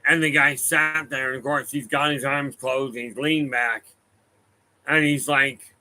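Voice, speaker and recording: A man's voice: mid-range voice, fairly even intonation, unhurried, sharp tone, rough recording. A man talking as a medium, telling rambling anecdotes to a room and online viewers, often correcting himself. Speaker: medium giving a talk. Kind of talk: casual storytelling talk to a room and online viewers. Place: room with a live audience.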